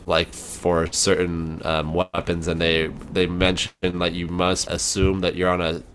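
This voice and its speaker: A man co-hosting a casual podcast, talking in a rambling, animated way with fillers and laughs. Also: sits low, measured pace, slight background noise. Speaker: podcast host.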